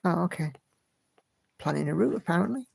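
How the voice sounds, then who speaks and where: A woman hosts a relaxed livestream from home, greeting viewers by name in a friendly, chatty way. Her voice has a gravelly edge, and the sound is dry and close. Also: lowish voice, brisk, dry recording. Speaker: livestream host. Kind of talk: casual livestream chat, reading viewer comments.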